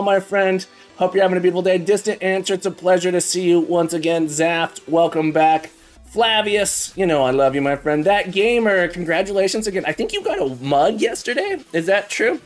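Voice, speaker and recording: Teaching programming on a live stream, a man talks in a high-pitched, animated, brisk voice. He chats casually, cracks jokes, and greets viewers by name while faint music plays in the background.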